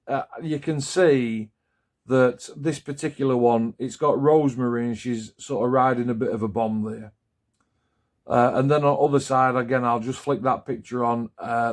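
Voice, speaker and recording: A man talks through his scale model build in a loose, chatty vlog manner. His voice sits at an ordinary middle pitch, and he rambles, restarts and pokes fun at himself, with the occasional casual curse. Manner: rambling, self-deprecating, swears casually.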